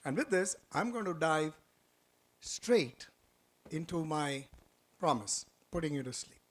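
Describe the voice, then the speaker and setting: A man giving a lively motivational orientation talk in an auditorium, quizzing the audience and telling stories. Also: a little high, a little slow. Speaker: orientation speaker.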